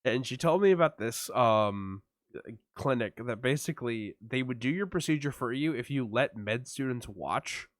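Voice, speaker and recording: Medium in pitch and moderate in pace, with no echo, a man co-hosts a podcast in casual chat. His mouth is numb after dental work as he tells an animated story heavy on swearing and acted-out voices.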